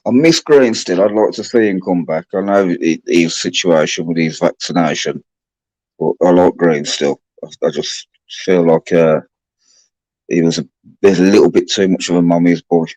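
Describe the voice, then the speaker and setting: A man hosting a livestream chat, rambling and halting with restarts. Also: low voice, a little mellow, dry recording, rough recording. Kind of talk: casual chat.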